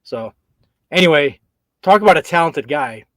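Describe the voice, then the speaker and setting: Male co-host, somewhat high voice, rambling casual delivery, dry close sound. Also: expressive, normal speed, dry recording. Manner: rambling, stops and restarts with many uh's. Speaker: co-host, screen printing business owner. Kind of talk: casual live-stream chat.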